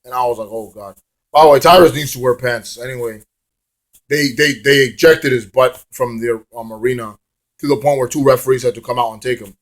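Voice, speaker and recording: A man's voice: mid-range voice, fairly even intonation, fairly quick. A man casually reviewing a wrestling show in a rambling, swear-laced manner, drifting into hummed song bits.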